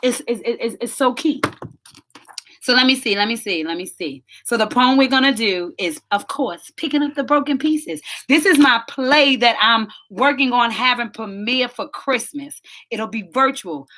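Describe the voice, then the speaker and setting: Woman preaching on a live stream, bright voice, keeps repeating words for punch. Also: a little high, lively intonation, moderate pace. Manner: reads viewer comments aloud. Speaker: host of a live inspirational show. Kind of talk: live stream motivational talk.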